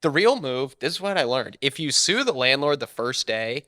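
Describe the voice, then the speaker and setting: A young man, a comedian guest on a podcast, telling a story in an animated, casual way. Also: mid-range voice, moderate pace, no room sound. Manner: animated, lively storyteller acting out quotes.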